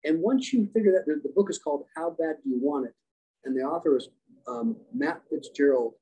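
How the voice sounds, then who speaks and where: On a podcast, a guest who works as a leadership coach and once served as a special operations rescuer tells stories in a husky, mellow voice that runs a little high and a little fast. He answers animatedly, acting out the dialogue he quotes, though the audio is poor.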